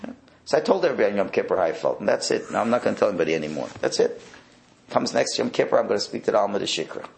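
A man, a rabbi, teaching a Torah class in a wry, animated way, sprinkling in Hebrew and Yiddish words. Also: lowish voice, racing, gravelly.

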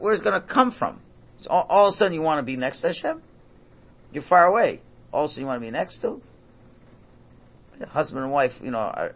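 A man speaking as a rabbi, giving an informal religious talk. He repeats himself and breaks into near-shouting for emphasis. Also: a little high, creaky, slightly rough. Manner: animated, repetitive, bursts into near-shouting for emphasis.

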